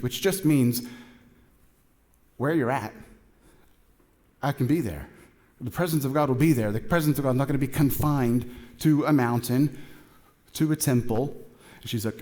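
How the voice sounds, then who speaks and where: A middle-aged man preaching a sermon in a casual, chatty way, acting out both sides of a dialogue with lively shifts in voice. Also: medium pitch, normal speed. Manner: casual, chatty, with many fillers and asides. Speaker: pastor.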